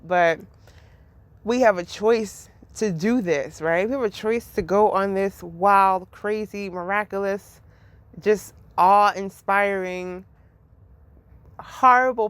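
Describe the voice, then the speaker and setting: A woman muses about faith in a loose, rambling monologue full of swearing, frequent laughter and constant "like" fillers. The recording is close and dry with no room echo. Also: mid-range voice. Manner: rambling, profane, laughs often, heavy use of "like". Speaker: podcast host. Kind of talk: casual spiritual reflection.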